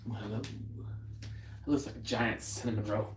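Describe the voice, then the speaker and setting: A man's voice: on the low side, steady tone, measured pace, reverberant, slight background noise. A man dropping in on his wife's craft stream, teasing and playfully interrupting her.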